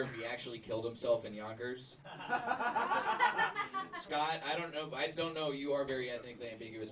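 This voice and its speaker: A man judging a roast battle who cracks jokes in a wry, deadpan way. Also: mid-range voice. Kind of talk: comedy panel judging. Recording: distant mic in a noisy club.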